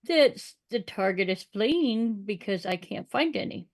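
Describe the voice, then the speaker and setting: A woman playing a tabletop game, explaining her moves in a measured way. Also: medium pitch, expressive, darkish tone. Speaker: player.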